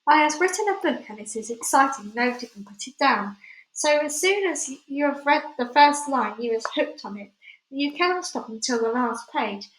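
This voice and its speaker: A woman reading a children's storybook aloud, carrying the dreamers' lines with lively storytelling. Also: sits high, moderate pace. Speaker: reader. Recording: echoey room.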